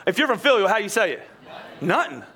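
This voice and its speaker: Here a male pastor from Pennsylvania, whose accent shows slightly, preaches quickly in a voice that sits high. His energetic sermon includes jokes aimed at the congregation and frequent word repetition.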